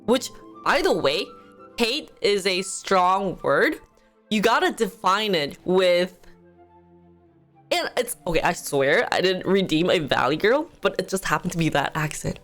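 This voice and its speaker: A woman chatting casually on her livestream, rambling from thought to thought and giggling often. Her pitch swings up and down in a lively way. Faint music plays behind her. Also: moderate pace. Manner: rambling, giggly, heavy use of "like". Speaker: livestream host.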